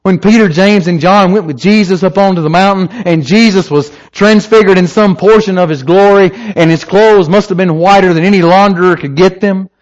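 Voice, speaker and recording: A man preaching an evening sermon, emphatic and lively, asking the listeners rhetorical questions. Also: high-pitched, moderate pace, hardly any pauses. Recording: slightly dull lo-fi recording.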